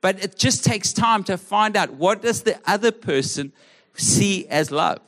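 Earnest high-voiced male pastor preaching. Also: expressive, a little slow, a bit bright. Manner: conversational, earnest, frequent restarts and stammered repeats. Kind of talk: sermon. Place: church service.

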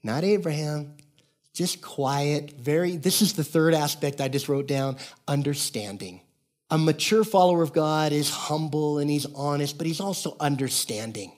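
A man in his fifties gives a sermon from the pulpit, his voice sitting a little high. He tells stories in a loose, conversational way, acts out the people in them and keeps calling out to the congregation. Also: normal speed. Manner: storytelling, conversational, calls out to the congregation; acts out characters in quoted voices. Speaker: pastor.

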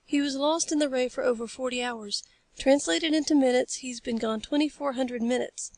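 Carruthers, a calm male scientist, read by a woman. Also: high-pitched, gravelly, dry recording. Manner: measured, explanatory.

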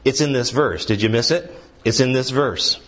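A man's voice: normal speed, a bit bright. A man preaching a sermon as a guest pastor, asking the congregation questions and building to emphatic points. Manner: earnest preaching, rising in pitch and intensity when pressing a point.

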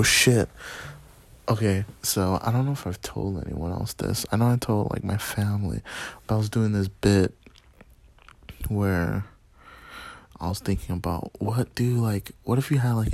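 A man hosting a casual solo podcast from a small dark room, rambling and swearing in a laid-back way. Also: on the low side, moderate pace, gravelly, no room sound. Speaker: podcast host.

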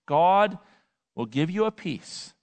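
A male pastor preaching a sermon, emphatic, swinging between loud and quiet and repeating words for effect. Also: high voice, expressive, takes it slowly. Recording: long hall reverb.

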